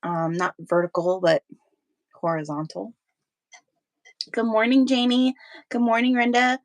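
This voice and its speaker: A woman's voice: on the high side, level tone, a little slow, no room sound. A woman hosting a live sewing stream, chatting casually with viewers while she has the hiccups. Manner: chatty, many fillers and restarts. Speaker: sewing livestream host.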